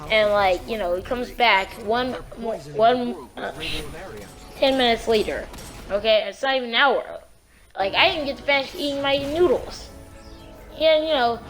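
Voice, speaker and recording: A woman casually telling a true story on her vlog in a rambling, slangy, animated way. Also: a little high, moderate pace, faint music behind.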